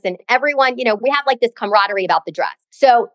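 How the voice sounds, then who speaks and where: A woman's voice: medium pitch, animated, quick pace, a bit bright, dry recording. A middle-aged woman co-hosting a podcast, telling a story in a dramatic, sassy, chatty way. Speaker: podcast co-host. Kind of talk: casual chat, storytelling.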